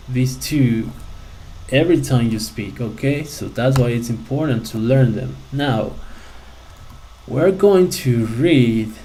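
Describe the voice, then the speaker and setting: A man's voice: mid-range voice, warm tone, low-quality recording. A man teaching an English grammar lesson to a class, explaining patiently and checking in with the students often. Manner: slow, patient explaining with frequent check-ins. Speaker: ESL teacher.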